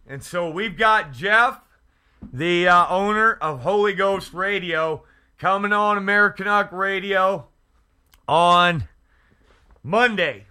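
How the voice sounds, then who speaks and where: A man hosting a Christian radio talk show, speaking fervently and haltingly, with many restarts and fillers. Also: high-pitched, pushed and bright, clean tone. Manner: fervent, prays aloud. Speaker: Christian internet radio host. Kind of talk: casual faith talk show. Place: Edmonton area.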